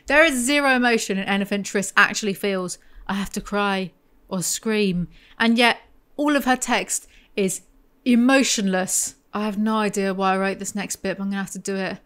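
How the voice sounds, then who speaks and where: A woman's voice: mid-range voice, a little fast, a bit bright, clean tone. A woman hosting a book commentary video, reading passages aloud with sarcastic asides and the odd stumble.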